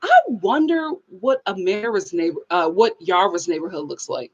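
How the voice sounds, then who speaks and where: A woman's voice: mid-range voice, normal speed, slightly rough, dull audio. A woman hosting a live review stream, chatting casually, laughing often and reading out viewer comments. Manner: animated, laughs often, reads chat comments aloud. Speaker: live show host.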